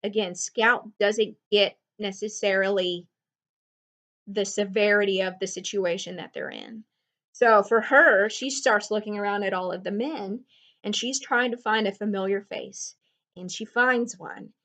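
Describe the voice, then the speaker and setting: A woman's voice: mid-range voice, a little slow, a bit bright. Woman casually recapping a novel for students. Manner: conversational, recaps with frequent fillers.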